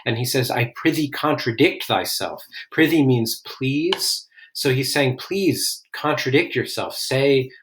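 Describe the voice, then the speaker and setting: A man explaining a classic play line by line in a relaxed, casual way. His voice sits in a middle pitch, and he tosses in "like" often as he paraphrases. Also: unhurried, hardly any pauses, slight background noise. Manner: reads quoted lines with raised dramatic emphasis, then explains casually. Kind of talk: line-by-line literature lesson.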